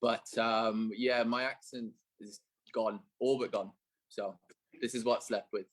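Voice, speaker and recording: A laid-back barber from Wales who talks to people like old mates. His voice is mid-pitched and easygoing. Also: fairly even intonation, a little slow, poor audio.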